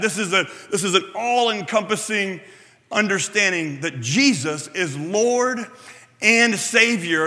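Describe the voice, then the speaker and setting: A man's voice: sits high, bright, forceful tone, long reverb tail. A man preaching as a pastor, talking conversationally with frequent "right?" checks to the room and small self-deprecating asides. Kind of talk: sermon.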